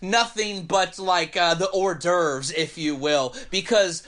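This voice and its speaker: A man hosting a podcast, telling a story in an animated, profane, rambling way. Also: high voice, slow pace. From Northern California. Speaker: podcast host. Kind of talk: casual storytelling chat.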